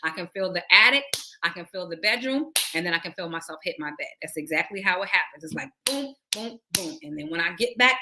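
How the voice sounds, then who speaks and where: A woman preacher telling her testimony to a livestream audience, animated and acting out the conversations as she goes. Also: mid-range voice, moderate pace. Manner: animated storytelling that acts out dialogue and addresses listeners as y'all. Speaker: prophet and preacher.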